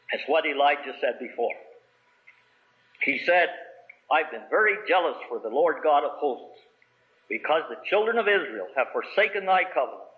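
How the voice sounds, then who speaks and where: A man preaching a sermon, reading scripture in old biblical wording and building to raised, emphatic questions. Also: on the high side. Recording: tinny phone-like old recording.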